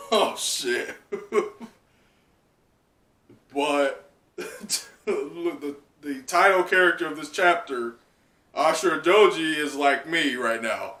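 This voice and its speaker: A man giving casual live reaction commentary, chatty and excitable, leaning on "like" as he talks. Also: a little high, slow pace. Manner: excitable, chatty, heavy use of "like". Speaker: manga reaction channel host. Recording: roomy sound from a distant mic.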